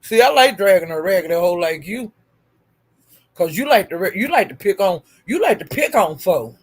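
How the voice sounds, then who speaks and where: A woman's voice: mid-range voice, very animated, moderate pace, husky. A woman hosting a live stream, taunting someone with profane, repetitive insults and calling out to her chat viewers by name. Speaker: livestream host.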